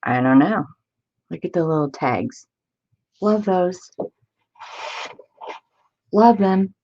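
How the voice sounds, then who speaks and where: A woman hosting a casual crafting live stream, chatty and excitable as she greets viewers by name. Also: fairly low pitch, slow pace, dull audio, a little hiss or hum. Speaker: crafting channel host.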